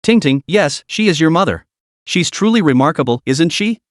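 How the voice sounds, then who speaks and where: A tender elderly grandmother, as a male narrator puts her on in a storybook recap. She speaks softly and soothingly with very lively intonation. Dry, close sound. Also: fairly high pitch, moderate pace, dry recording, natural voice.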